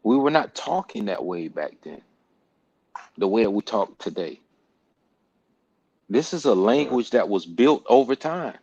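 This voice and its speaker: A low-voiced man with a gravelly, creaky edge talks emphatically in a casual group discussion. He repeats words for stress and drops slang and profanity. The sound is dry and close, with no room echo. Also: big pitch swings, a little slow, pauses often, darkish tone, dull audio. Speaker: podcast host.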